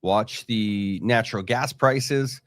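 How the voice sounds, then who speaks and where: Man, livestream guest, hesitant with "uh" pauses, dry close sound. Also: on the low side, dry recording. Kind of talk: casual political livestream chat.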